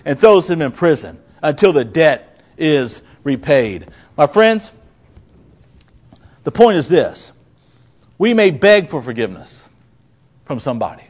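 A man preaching a sermon as a pastor, who often asks his listeners rhetorical questions and acts out the people he quotes. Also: high voice.

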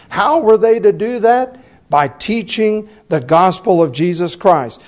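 A man preaching a sermon, reading scripture and slowing down to stress the quoted words. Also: high voice, a little mellow. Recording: dull lo-fi recording.

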